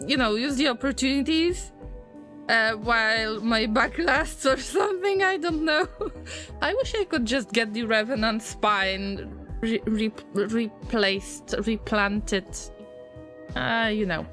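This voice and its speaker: Woman, game streamer, unhurried chatty commentary, sudden excited outbursts. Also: on the high side. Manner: chatty, easily distracted, bursts into excited alarm. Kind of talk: casual live-stream gameplay commentary.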